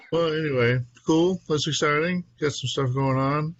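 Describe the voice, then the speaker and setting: A man's voice: on the high side, a bit bright, dry recording, lo-fi sound. A man hosting a casual podcast chat, upbeat and chatty, often breaking into little laughs. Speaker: podcast host.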